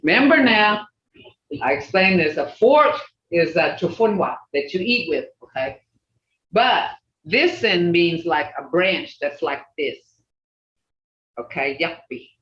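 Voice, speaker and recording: Older woman, language teacher, slow and patient, lively pitch, roomy lo-fi call audio. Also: distant mic. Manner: patient, repeats words slowly for learners. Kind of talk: online language class. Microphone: video call.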